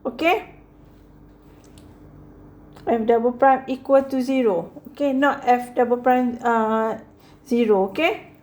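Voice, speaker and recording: A woman with a high voice walks through a math lesson at an unhurried, careful pace. She keeps stopping to check in with "okay" and fixes her own slips as she goes, patient and methodical throughout. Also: a little mellow. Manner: slow and patient, repeats "okay" often; corrects herself mid-sentence. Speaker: math teacher.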